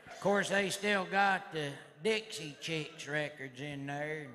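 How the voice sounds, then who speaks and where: Laughter and crowd noise fill this live hall recording of a middle-aged man with a Southern US accent doing stand-up at a comedy club. He rambles in a rowdy redneck drawl, hollers his punchlines, and speaks slowly in a slightly high voice.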